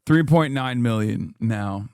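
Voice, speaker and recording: A man's voice: mid-range voice, takes it slowly, darkish tone, clear, resonant tone, no echo. A man hosting a reaction stream, ranting sarcastically and swearing a lot, recorded close on a studio mic. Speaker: streamer host.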